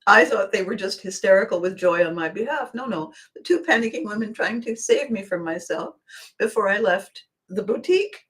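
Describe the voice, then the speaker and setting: A woman hosting a podcast, telling a funny personal anecdote in an animated way and laughing often. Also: mid-range voice, brisk. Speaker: podcast host. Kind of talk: storytelling anecdote.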